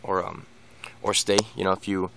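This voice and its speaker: Against background noise, a man with a low, monotone voice talks at normal speed about training his dog. His unscripted vlog monologue is casual and rambling, full of restarts and repeated words.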